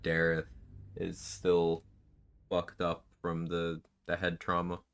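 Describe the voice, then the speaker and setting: Very deep, sleepy-sounding male streamer. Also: completely flat delivery, takes it slowly, fairly bright tone, clean tone. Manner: laid-back, sleepy, laughs often, swears casually. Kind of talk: casual live-stream chat over gameplay.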